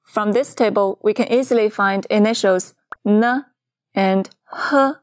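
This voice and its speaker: A woman teaching a beginner's pronunciation lesson in a clear, patient scripted dialogue. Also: medium pitch, a little slow, no room sound, studio quality. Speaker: Chinese teacher.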